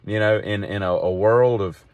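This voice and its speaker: A middle-aged man rambles through a casual podcast monologue in a very low voice. He digresses freely and sounds wry and exasperated. The sound is close and dry. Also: fairly even intonation, normal speed, a little mellow, no echo. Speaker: podcast host.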